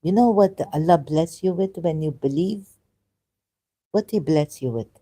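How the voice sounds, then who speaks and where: A woman with a low, mellow voice, an ex-Muslim commentator, reads scripture with casual commentary. She's emotional and halting, searching aloud and leaning on fillers.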